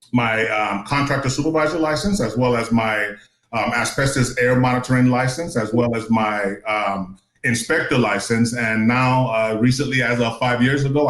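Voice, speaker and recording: A man's voice: mid-range voice, a bit bright. Chatty man in an echoey room. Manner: chatty, jokey, rambling. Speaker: asbestos inspector guest. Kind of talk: casual podcast chat.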